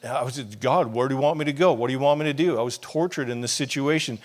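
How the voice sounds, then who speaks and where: A man's voice: mid-range voice, fast. A middle-aged man, a pastor, preaching a sermon with impassioned, conversational delivery and casual asides.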